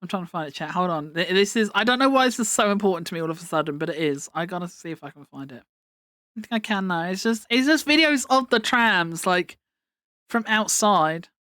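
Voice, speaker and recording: A woman's voice: lowish voice, expressive, a little fast, fairly bright tone, dry recording, clean studio sound. A young woman livestreamer chatting casually to her viewers, rambling through a story with lots of fillers and laughter. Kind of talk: casual stream chat.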